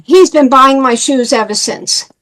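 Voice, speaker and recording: Older high-voiced woman from New York. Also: a little slow, poor audio. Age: 80s. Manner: animated, acts out quoted dialogue. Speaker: former Jehovah's Witness telling her life story. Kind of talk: personal storytelling.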